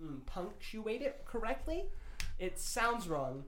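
Young woman chatting slow, voice swoops up and down, echoey room w/ noise behind. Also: mid-range voice, big pitch swings. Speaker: daughter, podcast co-host. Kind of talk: casual family chat.

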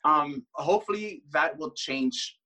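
A man's voice: fairly high pitch, lively intonation, unhurried, pushed and bright, low-quality recording. A man talking about his drag career as an interview guest, chatty and reflective, with many fillers and restarts. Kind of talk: casual interview chat.

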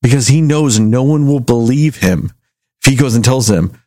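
A man casually reviewing a movie, rambling and animated as he retells scenes. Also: mid-range voice, moderate pace, no echo. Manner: rambling, animated storytelling with acted quotes. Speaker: movie review podcast host.

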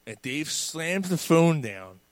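A man's voice: a little high, sing-song, slow, clear, resonant tone. Profane, laughing man telling a story. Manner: profane, laughing, acts out quotes. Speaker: podcast co-host. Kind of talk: casual storytelling banter.

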